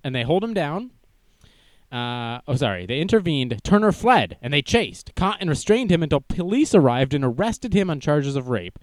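Young man, news stream host, lively up-and-down voice, slightly high, dry close sound. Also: moderate pace, dry recording. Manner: animated, joking, self-deprecating. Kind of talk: casual livestream news commentary.

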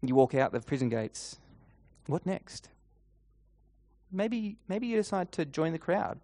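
A man preaching a sermon, retelling a scene vividly in the second person and slowing down and softening his voice for emphasis. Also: on the high side, sing-song, dry recording, clean studio sound.

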